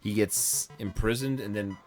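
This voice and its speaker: A man's voice: fairly low pitch, normal speed, a little mellow, soft background music. A man hosting a game stream in casual chat, drowsy and yawning, rambling and correcting himself as he plays. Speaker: streamer host.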